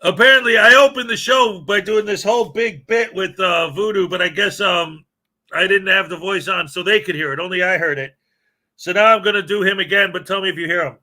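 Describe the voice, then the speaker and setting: A man's voice: high-pitched, a little fast, bright, forceful tone. A man hosting a casual morning live stream, chatty and self-deprecating as he greets viewers.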